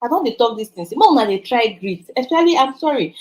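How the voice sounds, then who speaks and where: A woman's voice: fairly high pitch, animated, fast talker, hardly any pauses, poor audio. A woman with a Nigerian accent teaching a sales training, emphatic and repeating words for stress. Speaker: sales coach.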